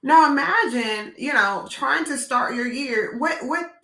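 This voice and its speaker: Energetic woman presenting a webinar. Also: sits high, measured pace. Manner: direct, energetic, conversational with "y'all" and "right?". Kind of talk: live webinar demo. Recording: echoey room.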